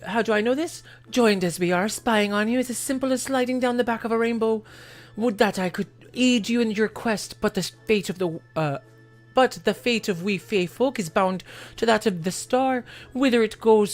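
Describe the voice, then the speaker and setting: A woman's voice: medium pitch, close to an everyday voice. A woman voicing a teasing, regal fairy, reading game dialogue aloud in a theatrical, archaic manner.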